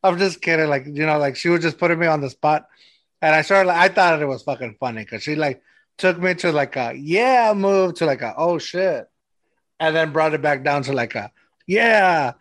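A podcast host with a fairly high, slightly bright voice tells rambling stories in casual chat, saying "like" constantly. He speaks at a moderate pace with lively intonation, and there's no room sound.

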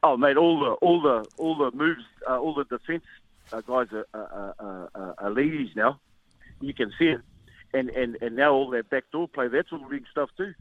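A man's voice: medium pitch, moderate pace, dry recording. A man with a New Zealand accent rambles easily, stumbling over repeated words as he chats. He comes through a tinny phone line with a dry, close sound. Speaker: guest, former rugby player. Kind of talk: casual radio interview over the phone.

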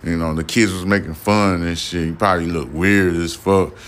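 A man's voice: low voice, steady tone, normal speed, fairly bright tone. A man hosting a podcast, reading a news story and then ranting about it in a blunt, profane, slangy way. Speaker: podcast host. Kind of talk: casual news commentary.

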